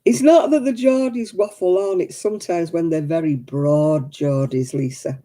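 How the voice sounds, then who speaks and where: Chatty woman with a mellow voice. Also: lowish voice, moderate pace. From England. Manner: chatty, laughs often, answers viewers by name. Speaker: livestream host. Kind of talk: casual chat.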